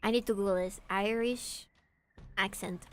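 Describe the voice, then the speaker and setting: A woman's voice: mid-range voice, steady tone, moderate pace. A young woman from Peru, streaming a game and joking and teasing with her chat, swearing casually. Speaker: VTuber streamer.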